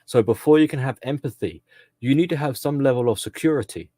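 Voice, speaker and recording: A man's voice: medium pitch, brisk, mellow, no room sound. A man talking in a casual commentary monologue, rambling with frequent fillers and self-corrections.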